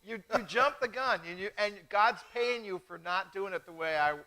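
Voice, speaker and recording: Man, high voice, bright tone, chatty self-mocking host, middle-aged. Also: normal speed, low-quality recording. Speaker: host of a live wine tasting show. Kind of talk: casual live-stream chat.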